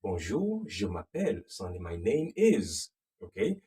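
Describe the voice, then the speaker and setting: A man teaching a recorded beginner French lesson, patiently repeating phrases slowly and checking in with the viewer. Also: sits low, wildly swooping pitch, mellow, distant mic.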